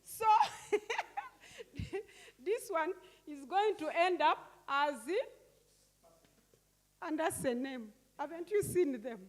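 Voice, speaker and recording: A woman teaches a workshop at a deliberately slow pace, stopping to quiz her listeners and have them repeat key words. Her voice rings out with a long reverb from a large hall. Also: high voice. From Uganda. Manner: asks the audience questions and repeats key words. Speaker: workshop facilitator. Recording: echoey hall.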